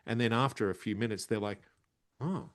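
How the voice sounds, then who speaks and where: A man guest comedian in casual interview chat, animated and laughing often as he acts out quotes. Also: on the low side, fast, smooth. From Australia.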